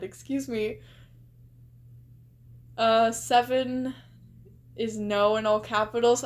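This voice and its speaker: Slow-talking high-voiced young woman streamer. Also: steady tone. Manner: chatty, exclaims and gushes, many likes and rhetorical questions. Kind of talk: casual reaction commentary.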